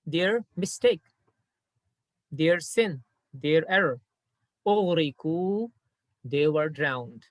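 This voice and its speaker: A man gives a patient grammar lesson in a slightly raised voice. He repeats key points and recites short verses at a quick clip. The sound is dry and close. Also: fairly high pitch, animated, a bit bright, no echo. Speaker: Quran grammar teacher. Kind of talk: explaining Arabic grammar lesson.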